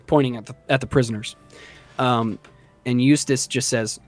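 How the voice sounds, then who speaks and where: A man's voice: medium pitch, steady tone, normal speed, faint music behind. A man narrating a tabletop game as game master, casual and rambling with many fillers.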